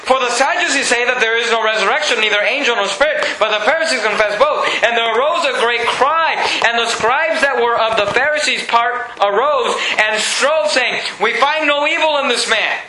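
A man preaching a lively sermon. He reads scripture aloud and acts out the people in the story. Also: extremely high pitch, normal speed, hardly any pauses, slight background noise. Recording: echoey room.

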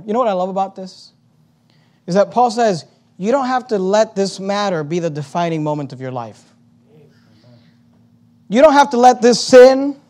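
Male pastor, very high-pitched, preaching style with forceful swells and repeated phrases. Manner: preaching with surges of volume and emphatic repetition. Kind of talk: sermon.

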